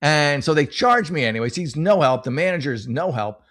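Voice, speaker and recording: A man's voice: a little high, lively intonation, normal speed, fairly bright tone. A middle-aged man hosting a comedy podcast, telling rambling stories with lots of cursing and restarts. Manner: rambling, swearing, storytelling with many restarts. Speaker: podcast host. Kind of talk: casual comedic monologue.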